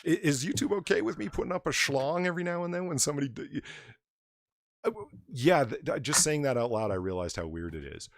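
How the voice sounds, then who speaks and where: A man's voice: a little high, fast, gravelly, no echo, clean studio sound. A man hosting a live stream, rambling casually and reading out donations. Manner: rambling, animated, reads donations aloud. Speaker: stream host. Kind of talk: casual livestream chat.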